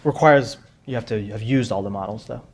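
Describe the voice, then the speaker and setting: A man's voice: lowish voice, a little fast, slightly rough. A man hosting a pub quiz at a tech conference, chatty and joking, often repeating himself. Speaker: quiz host. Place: conference room with audience.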